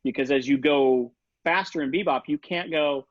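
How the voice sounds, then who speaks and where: A man with a slightly high voice teaches saxophone over a video call from home, talking briskly with hardly any pauses. Casual and chatty, he scats rhythms and articulations, and the dry recording has the dull, lo-fi quality of call audio.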